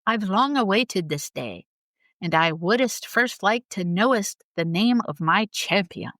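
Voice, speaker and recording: A woman voicing a young storybook princess in a soft, prim, mock-archaic way. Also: mid-range voice, expressive, measured pace, no echo, clean studio sound.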